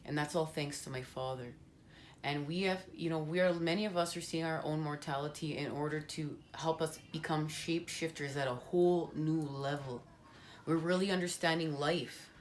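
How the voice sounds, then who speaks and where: A woman's voice: low-pitched, fairly even intonation, normal speed, slight background noise. A woman giving a spiritual tarot card reading at home, talking earnestly and passionately with a rambling flow.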